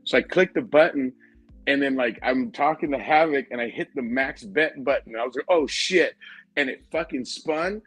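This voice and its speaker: A man's voice: medium pitch, moderate pace, dry recording, faint music behind, low-quality recording. A man hosting a casual podcast, telling a convention story with lots of swearing and laughter. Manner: profane, animated, laughing while telling stories. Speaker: podcast host.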